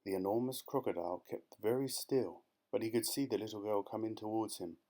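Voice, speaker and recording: A man's voice: fairly low pitch, a little fast. Man narrating a children's story. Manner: lively, expressive reading. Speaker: audiobook reader.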